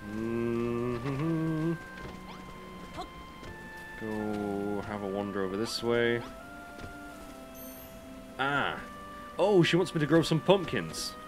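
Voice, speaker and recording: A man with an unhurried way of talking hosts a casual gaming livestream. He chats easily with his viewers, greets them one by one, and now and then lets out an excited yelp. His voice sits at an everyday middle pitch, with faint game music playing underneath. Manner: chatty, greets viewers by name, bursts into excited yelps.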